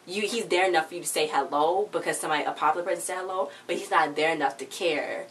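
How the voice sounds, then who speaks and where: A woman's voice: on the low side, fast talker, fairly bright tone. A woman casually recapping a TV episode in a rambling way, filling her talk with "like" and restarts. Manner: rambling, filler-heavy, "like" every few words. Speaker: TV episode reviewer. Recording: distant mic, faint background noise.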